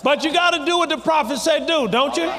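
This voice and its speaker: A man preaching a sermon, shouting and drawing out his emphatic phrases. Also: very high voice, fairly quick. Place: large church hall. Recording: long reverb from a live congregation.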